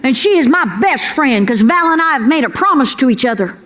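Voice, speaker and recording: Woman, stand-up comedian, folksy and sassy, very high pitch, live club recording with audience noise. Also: lively intonation, a little fast, fairly bright tone. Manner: folksy, sassy, addresses the crowd with "girls" and "amen". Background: audience laughter and room noise.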